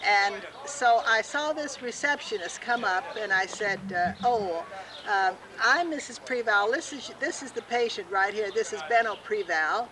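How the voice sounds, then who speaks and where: An older woman outdoors in a backyard, chatting and telling an anecdote to family on a home video, animated when she quotes herself. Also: medium pitch, unhurried, crowd noise. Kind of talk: casual home video chat. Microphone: home video camera.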